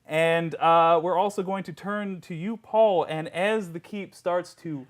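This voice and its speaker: A man narrating as game master of a tabletop role-play game, telling the scene with lively energy. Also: high-pitched, unhurried. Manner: animated storytelling, laughs often.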